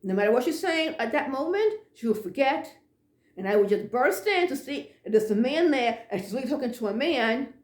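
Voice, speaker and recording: A woman telling a ghost story in a casual, animated way, acting out the dialogue and sometimes dropping to a hush. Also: sits high, brisk, reverberant. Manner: animated, acts out dialogue, drops to hushed tones.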